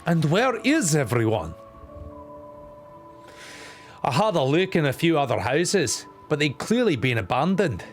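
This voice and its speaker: A man's voice: on the high side, very animated, moderate pace, soft background music. Casting: earnest young game heroine, emphatic, somewhat raised voice, done by a male streamer. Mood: dismayed.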